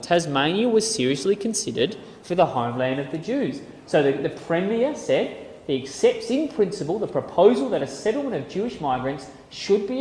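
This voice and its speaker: A man giving a casual Bible lecture from slides, often repeating words and reading passages aloud. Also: fairly high pitch. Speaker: Bible teacher. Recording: echoey hall reverb.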